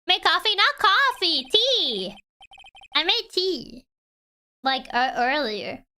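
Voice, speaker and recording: Bright playful woman streamer. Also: very high voice, big pitch swings, takes it slowly. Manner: giggly, playful, chats with viewers. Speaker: game streamer. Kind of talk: casual chat while playing a game.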